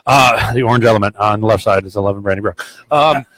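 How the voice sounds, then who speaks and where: Telling stories on his podcast, this fast-talking man with a fairly low voice rambles, speaks bluntly, and curses nonstop. Retelling arguments makes him loud and heated. The recording is poor quality, though free of echo.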